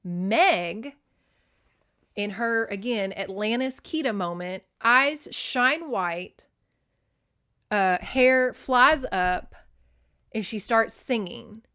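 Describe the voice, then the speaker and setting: A woman's voice: medium pitch, lively intonation, drawn-out words, long pauses, fairly bright tone, clear, resonant tone. Chatty, profane woman recapping a book. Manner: chatty and profane, with lots of "like" fillers. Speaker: podcast host.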